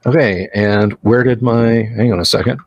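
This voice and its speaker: A man running a tabletop game as game master, describing the scene in an unhurried, halting way. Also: mid-range voice, steady tone, dry recording, dull audio. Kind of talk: narrating a tabletop game livestream.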